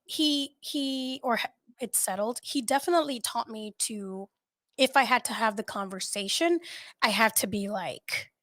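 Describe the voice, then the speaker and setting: Animated, higher-voiced woman telling a story. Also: a little slow, dry recording. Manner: animated storytelling, frequent swearing and laughter. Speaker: podcast host. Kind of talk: casual chat.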